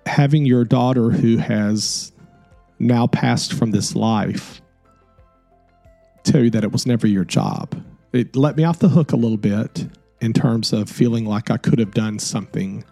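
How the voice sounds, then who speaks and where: Faint, quiet music sits under this middle-aged podcast host as he reflects earnestly and softly on a personal story. He has a mid-range voice, dark and mellow with some gravel, and an unhurried delivery, recorded with no room sound.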